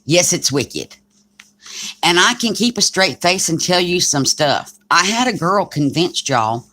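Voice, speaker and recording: A craft channel host chats casually on her livestream, telling joking stories and laughing often. Her voice is lowish and sing-song, with an unhurried pace and a sharp tone.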